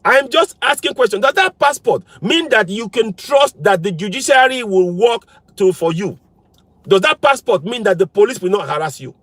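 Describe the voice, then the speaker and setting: Emphatic man, lively high voice. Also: moderate pace, no room sound. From Nigeria. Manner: fires repeated rhetorical questions, insistent and emphatic. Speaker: political commentator. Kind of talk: impassioned political monologue.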